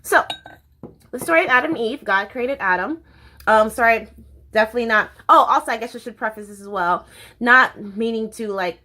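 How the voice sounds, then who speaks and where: Bubbly, bright-voiced young woman vlogger. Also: on the high side. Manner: bubbly and chatty, swearing freely. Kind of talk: casual chat to camera.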